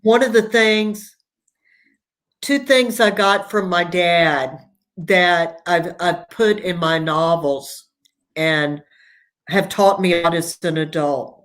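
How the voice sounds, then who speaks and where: Woman author on a video call chat, tells stories warmly, lots of restarts. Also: fairly low pitch, slow. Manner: warm storytelling with restarts. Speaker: author, guest. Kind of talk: casual interview conversation.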